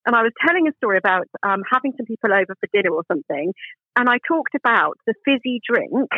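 A woman's voice: a little high, lively intonation, fast talker, slightly rough, dry recording. A woman guest in a casual interview, telling stories in a chatty, self-deprecating way with many restarts. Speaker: guest speaker. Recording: phone-like narrow line.

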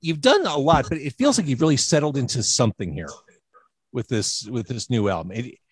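A man's voice: medium pitch, animated, a little fast, breathy edge. A male host on a video call giving jokey introductions in a casual interview.

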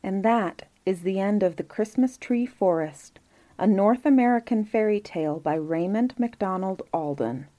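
A woman reading a fairy tale aloud as storyteller, calm and measured. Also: medium pitch.

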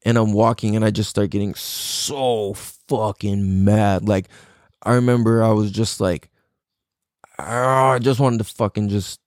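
A man's voice: lowish voice, darkish tone, no echo, studio quality. A young man telling a raw personal story in casual speech, swearing a lot, full of fillers and rising emotion. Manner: heavy swearing, filler-laden, emotional and intense.

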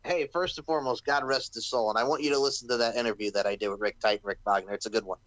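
A man hosts a casual wrestling podcast in an everyday voice. He talks in a chatty way and is quick to crack jokes. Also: mid-range voice, steady tone, fairly bright tone, no room sound, low-quality recording. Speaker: podcast host.

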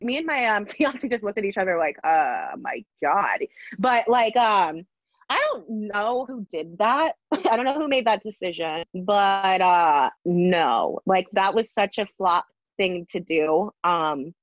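A woman's voice: medium pitch, a little slow, no room sound. A woman co-host in casual commentary chat, talking emphatically with many fillers. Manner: chatty, frequent fillers, emphatic. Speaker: podcast co-host. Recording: dull, dry lo-fi audio.

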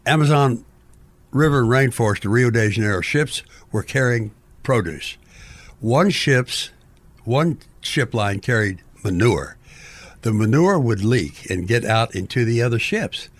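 An older man, a book author as guest, talking in a playful, theatrical, rambling way. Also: on the low side. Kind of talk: rambling interview talk.

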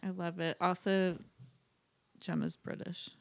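A woman co-hosting a casual podcast, teasing and quick to laugh. Her voice is lowish with a gravelly fry running through it. The sound is dry and close. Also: flat delivery, no echo. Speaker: podcast co-host. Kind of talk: casual chat.

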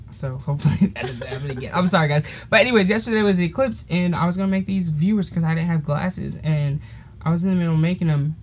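A man's voice: fairly high pitch, a little hiss or hum. A teenage boy casually telling a rambling story on a podcast, laughing often and drifting off topic. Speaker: podcast host.

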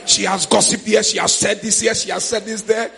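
A man with a Ghanaian accent preaching a sermon in church, shouting in a sing-song way with sudden high cries. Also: little pitch movement, brisk, gravelly, breathy edge. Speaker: pastor.

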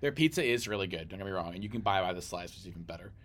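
A man's voice: sits low, animated, very fast, a bit bright. A man co-hosting a podcast in a casual, rambling chat with many fillers. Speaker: podcast co-host.

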